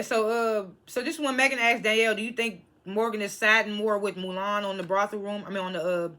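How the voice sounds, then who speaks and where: A woman with a mid-range voice recaps a reality TV episode casually. She's blunt and animated, swears freely, and laughs between her points.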